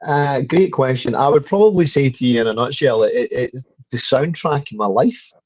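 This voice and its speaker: A man's voice: mid-range voice, normal speed, no echo. Scottish man, fifties, interview guest, eager storyteller, stumbling restarts, muffled lo-fi sound. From Scotland. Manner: animated storyteller with many stuttered restarts and swearing. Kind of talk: casual interview chat.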